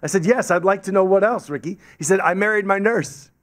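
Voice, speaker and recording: This guest speaker has a high, brisk voice, with background noise audible in the meeting hall. Addressing a club audience through a podium mic, he tells a story animatedly, performing the voices of those he quotes.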